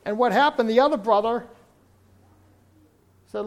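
A male preacher with a notably high voice delivers a sermon. He tells his story earnestly and builds to fervent, emphatic appeals. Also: animated, measured pace, gravelly, long pauses, a little mellow.

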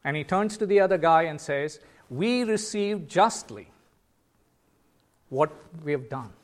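A man preaching a sermon, earnest, with sudden loud emphatic calls. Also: fairly high pitch, brisk.

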